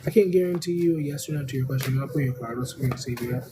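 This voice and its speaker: A tarot reader hosting a casual live stream, talking in a rambling, unhurried way full of "um"s and "I don't know"s. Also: medium pitch, background noise.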